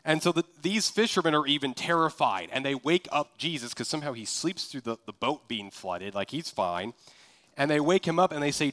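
A man from Kansas preaches a sermon in a relaxed, conversational way. He talks to the congregation as if chatting with them and keeps asking rhetorical questions. His voice sits at an ordinary middle pitch. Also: a little fast. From Kansas, USA. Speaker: pastor.

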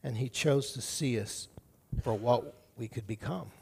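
A middle-aged male pastor preaching a sermon, shifting between soft, quiet passages and loud, emphatic build-ups. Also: medium pitch, measured pace, gravelly, slightly rough. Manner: dynamic preaching, drops to soft tones then builds up loud.

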